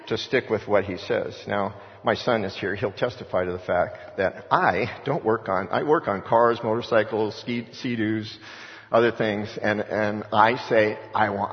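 A middle-aged man preaching a sermon, telling stories and driving his points home with emphatic repetition. His voice carries through a long-echoing hall. The recording sounds dull and lo-fi. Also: medium pitch. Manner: storytelling with acted-out voices of others. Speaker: pastor.

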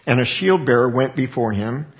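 A man's voice: mid-range voice, expressive, moderate pace. A middle-aged man preaching a sermon in a conversational way, often restarting his words. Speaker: pastor. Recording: dull lo-fi recording.

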